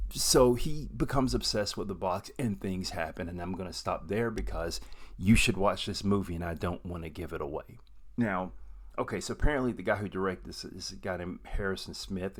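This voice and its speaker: A man with a very low voice talks through a horror movie in a casual vlog. He is animated and excitable, jumping from loud outbursts to muttered asides. He is recorded indoors at home. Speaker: movie reviewer.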